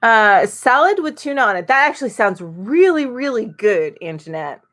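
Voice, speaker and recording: A woman's voice: on the high side, very animated, normal speed, fairly bright tone. A middle-aged woman hosting a casual live-stream chat, reading viewer comments aloud and chatting about them with lots of ums and little laughs.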